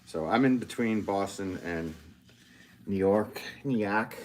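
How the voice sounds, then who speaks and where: Taking things slowly, a Connecticut man with a fairly low, slightly mellow voice and a Connecticut accent livestreams from his pottery studio. He reads viewers' comments, jokes chattily at his own expense, and often restarts his sentences, with slight background noise behind him.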